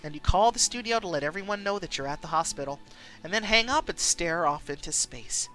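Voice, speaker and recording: A woman's voice: lowish voice, animated, a little fast, fairly bright tone, faint music behind, rough recording. A woman narrating a story game playthrough in a chatty way, adding side comments.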